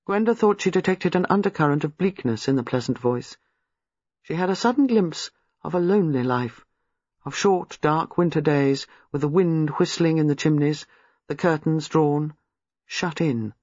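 A man narrating a novel in an expressive, lively reading. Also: fairly high pitch, normal speed, no echo. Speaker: audiobook narrator. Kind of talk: scripted narration. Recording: slightly muffled, dry.

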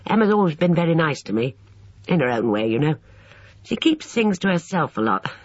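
A reader voicing a chatty, cheerful young Englishman who rambles eagerly, in a husky voice. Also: mid-range voice, big pitch swings, brisk, dry recording, muffled recording. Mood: breezy.

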